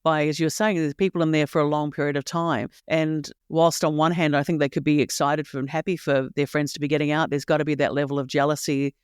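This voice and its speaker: Podcast host lady asking careful questions, smooth voice, dry close sound. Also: sits low, flat delivery, no room sound. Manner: measured, probing questions. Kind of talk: interview questions.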